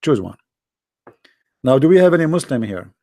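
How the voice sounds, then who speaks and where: A man's voice: medium pitch, big pitch swings, normal speed, dark tone, no echo. A man with joking and rambling in a teasing voice chat. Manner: teasing, rambling, non-native phrasing. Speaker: chat room speaker.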